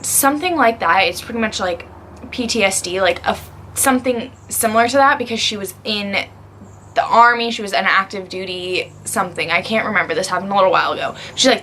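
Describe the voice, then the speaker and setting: A young woman vlogger telling a storytime in a chatty, animated way, with lots of "like". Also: medium pitch, brisk, a little hiss or hum. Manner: chatty, heavy use of "like", animated retelling. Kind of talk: casual storytime.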